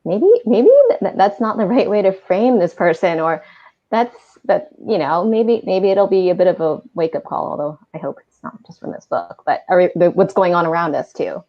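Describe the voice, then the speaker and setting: A woman's voice: on the low side, normal speed, muffled recording. A woman author speaking on a panel, thoughtful and hesitant, with many restarts. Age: adult, no longer a teen. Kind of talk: casual panel discussion.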